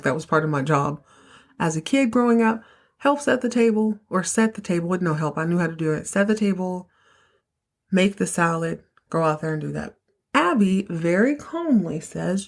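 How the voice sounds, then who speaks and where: Female podcast host, lower register, chatty slangy recapper with strong opinions. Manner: animated, opinionated, slangy storyteller. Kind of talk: casual episode recap.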